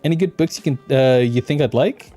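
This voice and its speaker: A gaming streamer jokes and laughs his way through a detective game in let's play style, with gentle music playing behind him. He talks briskly in a mid-range voice.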